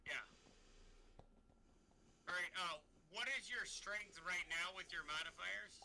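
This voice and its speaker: A man running a tabletop game as game master, describing the action in lively, vivid scenes. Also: high voice, slow, gravelly, a little hiss or hum, low-quality recording. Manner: lively, vivid scene-painting with acted sound effects.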